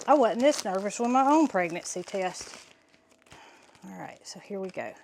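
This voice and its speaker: A middle-aged woman, chatting excitedly to viewers in a vlog while walking in a pasture, a little out of breath. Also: mid-range voice, moderate pace, vocal fry, a little hiss or hum. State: slightly out of breath. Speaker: farm vlogger. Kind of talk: casual vlog narration. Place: outdoors in a pasture.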